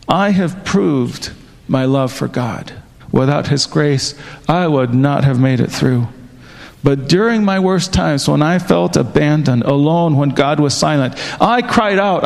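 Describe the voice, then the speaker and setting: A man pastor giving an emotional testimony speech, slow and emphatic. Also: a little high, creaky. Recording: speech echoing in a large hall.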